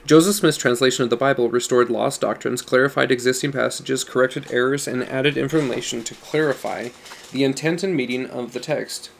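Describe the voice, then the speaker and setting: A man reads a religious study book aloud in a calm, teaching tone. His voice has a gravelly, fry-tinged texture at a middle pitch, and he stresses single words to make a point. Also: a little hiss or hum. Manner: measured, explanatory reading with stressed words. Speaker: audiobook narrator.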